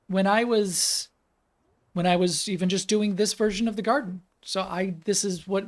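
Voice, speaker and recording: Rambling game developer, live stream chat, gravelly, mid-pitched voice, lots of ums and restarts. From United States. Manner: talks while playing and commenting on the game.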